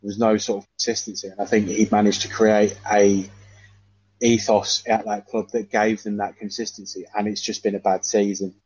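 A man in casual football chat, hesitant and measured, often repeating himself. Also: lowish voice, little pitch movement, darkish tone, breathy edge, no echo. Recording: dull dry lo-fi sound.

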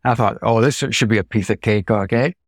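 Older man from Illinois, dairy farmer, animated storyteller, dry close recording. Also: fairly low pitch, brisk, dry recording. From Illinois, United States. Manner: animated storyteller, acts out quoted dialogue. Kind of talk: storytelling interview.

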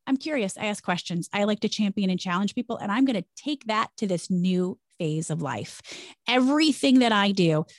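A woman's voice: medium pitch, moderate pace, no room sound, studio quality. Emphatic woman sharing her faith story. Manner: energetic, emphatic, preachy storytelling. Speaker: podcast guest, former broadcaster. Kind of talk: conversational faith-based interview.

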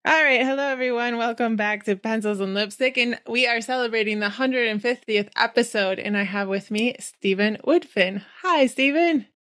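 Chatty woman podcast host, slightly hoarse. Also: fairly high pitch, normal speed, few pauses, fairly bright tone, dry recording, soft background music. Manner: chatty, upbeat, laughs easily. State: slightly losing her voice. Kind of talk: casual podcast chat.

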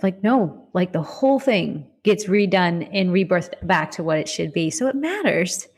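A woman hosting a casual faith podcast, affirming her guest and talking in a quick, preachy way. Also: on the low side, expressive, slightly rough.

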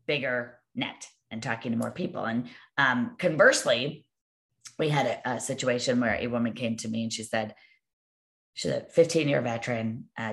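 A woman coach with a gravelly, very deep voice gives a motivational talk to sales agents. She tells her stories in a chatty way, full of asides and quick tag questions. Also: fairly bright tone. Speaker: real estate sales coach and manager.

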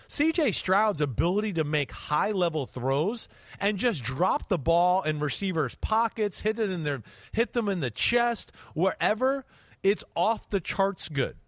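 A fairly high-voiced man talks through football film on his podcast, getting animated and acting out a quarterback's reads with little sound effects. The sound is dry and close to the mic, with no room around it. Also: dry recording. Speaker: podcast host and quarterback analyst. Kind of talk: casual podcast chat.

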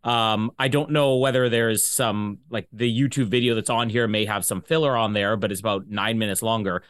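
A man from Canada co-hosting a podcast, talking slowly and hesitantly as he works through his thoughts. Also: fairly low pitch, steady tone, a bit bright, clear, resonant tone, no echo. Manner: hesitant, thinking aloud, slow. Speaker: podcast co-host. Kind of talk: casual podcast chat.

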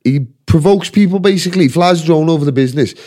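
A man's voice: fairly high pitch, rapid-fire, warm tone. Sweary Scouse man ranting. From Liverpool, England. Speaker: podcast host. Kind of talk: casual chat.

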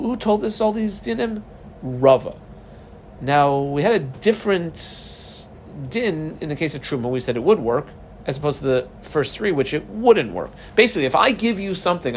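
A man giving a casual, lively Talmud lesson, mixing Hebrew terms into conversational English. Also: mid-range voice, a little hiss or hum. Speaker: Talmud teacher.

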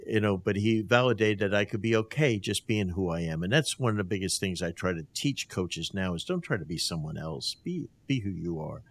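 A man's voice: low-pitched, brisk, few pauses. An older man in his sixties from New Jersey, a basketball coach telling stories as a guest in a casual interview, acting out quotes and laughing often. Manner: animated storyteller who acts out quotes, laughs often.

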